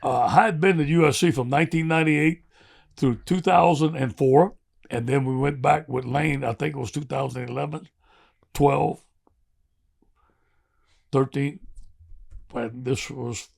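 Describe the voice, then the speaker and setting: An older man with a gravelly voice, telling rambling, animated stories with laughs as a podcast guest. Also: medium pitch, measured pace, long pauses. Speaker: guest football coach. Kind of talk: podcast storytelling.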